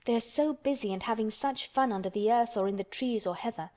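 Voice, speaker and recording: A woman's voice: fairly high pitch, a little fast, warm tone, natural voice. A woman voicing a stubborn, contrary orphan girl who speaks bluntly and obstinately.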